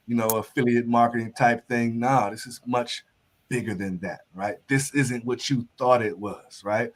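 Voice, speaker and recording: A man hosting a business panel discussion, speaking in a casual, conversational way. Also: medium pitch. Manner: casual, conversational, leading the talk.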